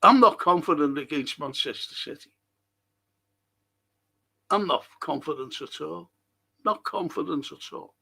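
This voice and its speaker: A man's voice: a little high, measured pace, vocal fry, long pauses, pushed and bright, husky. A man hosting a fan live stream. He reads out viewer comments and answers them in a blunt, exasperated way, swearing often. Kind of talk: casual chat reading viewer comments.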